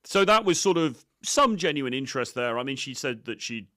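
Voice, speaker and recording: A man's voice: mid-range voice, sing-song, normal speed, sharp tone, dry recording, studio quality. A man and dating coach giving casual, cocky commentary on his own street footage, swearing freely.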